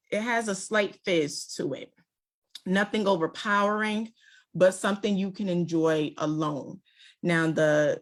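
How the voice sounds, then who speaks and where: A woman giving a relaxed, chatty wine presentation over a video call. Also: lowish voice. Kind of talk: virtual tasting presentation. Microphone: video call mic.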